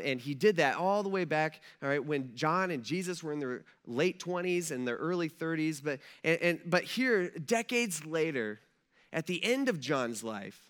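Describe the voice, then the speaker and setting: Male pastor, high bright voice, chatty conversational sermon delivery. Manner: conversational, repeats "right?" and "all right".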